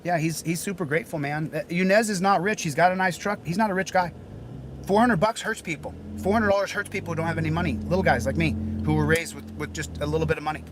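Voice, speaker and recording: A man's voice: on the high side, fairly even intonation, quick pace, background noise. A man hosting a casual livestream outdoors, hot and sweating, talking in a rambling way with many repeated phrases. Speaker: livestreaming channel host. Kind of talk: casual live-stream chat.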